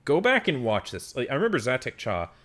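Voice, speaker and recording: A man's voice: mid-range voice, brisk. A man giving a casual film review monologue, ranting and swearing freely with lots of fillers. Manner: animated, profane ranting with frequent fillers.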